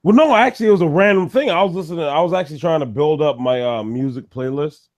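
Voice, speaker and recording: A man's voice: a little high, fast. A man in a casual group chat, blunt and profane, dismissive in tone.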